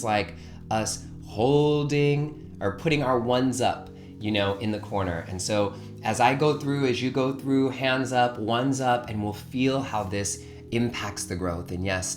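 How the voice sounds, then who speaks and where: A man hosting a live online spiritual session, gently encouraging his audience to join in. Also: mid-range voice, roomy sound. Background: guitar playing.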